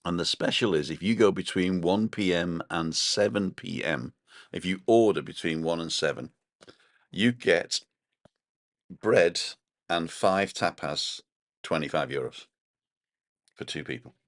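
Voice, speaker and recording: A man's voice: low-pitched, unhurried, pauses often, dry recording, studio quality. A man co-hosting a casual live stream from his balcony, rambling chattily and reading out viewer comments. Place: home balcony.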